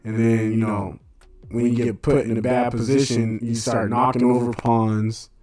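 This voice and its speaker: A man's voice: mid-range voice, flat delivery, moderate pace, mellow. A man hosting a radio show, delivering a blunt casual monologue in street slang full of rhetorical questions.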